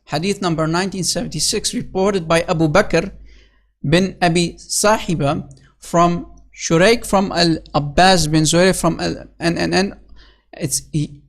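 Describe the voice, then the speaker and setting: A sarcastic solo commentator who reads source titles and numbers aloud, then sneers at what they say. The delivery is scornful and mocking, padded with "basically" and "you know". The voice sits at a middling pitch. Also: steady tone, measured pace. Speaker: online religious critic. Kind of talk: solo commentary reading and mocking religious texts.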